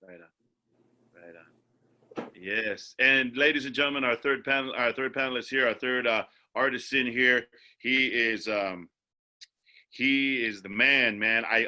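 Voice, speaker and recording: A man moderating a video-call webinar in a relaxed, rambling way, full of fillers and repeated words. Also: medium pitch. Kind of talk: casual moderating with many fillers.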